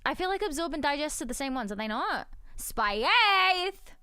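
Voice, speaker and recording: A young woman streams live and chats with her viewers, laughing often and swearing easily. Her voice sits high and swoops up and down a lot. The sound is dry and close, with little room around it. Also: expressive, quick pace, fairly bright tone, no echo. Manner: giggly, chatty, swears freely. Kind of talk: casual live-stream chat while playing a word game.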